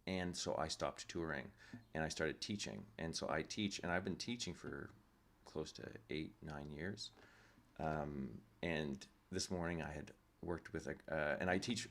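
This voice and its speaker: A man, a guest musician, chatting casually in a soft-spoken, rambling way. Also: a bass voice, moderate pace, gravelly. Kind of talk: casual chat. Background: guitar playing.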